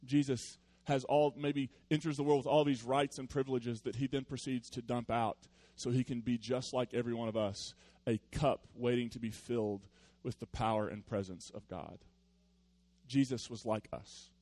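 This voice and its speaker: Male pastor, mid-pitched, chatty sermon delivery, jumps from loud bursts to hushed earnest points. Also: moderate pace, dry recording. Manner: conversational, storytelling, with playful asides; swings from loud animated bursts to quiet earnest tones.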